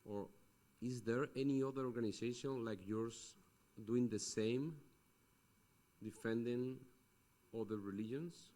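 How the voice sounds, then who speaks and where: A man's voice: mid-range voice, unhurried, mellow. A man from the audience, not a native English speaker, asking a question hesitantly and searching for words.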